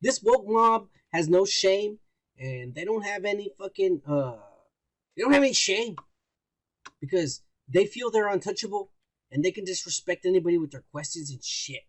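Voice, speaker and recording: Podcast co-host, male, higher voice, swears a lot, rambles through news items in loose banter. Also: expressive, normal speed, no room sound. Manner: profane, rambling, mocking news reading. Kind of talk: casual crude banter.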